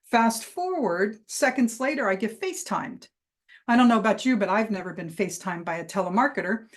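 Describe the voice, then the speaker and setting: A woman giving a motivational keynote, telling a personal story with lively emphasis and punchy phrasing. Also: medium pitch, a little fast. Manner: lively anecdotal delivery with vivid emphasis. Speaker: keynote speaker and trainer.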